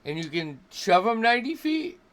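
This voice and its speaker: A man running a tabletop game as game master, talking in halting starts with repeated words and frequent laughs. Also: high voice, big pitch swings, a bit bright, slight background noise.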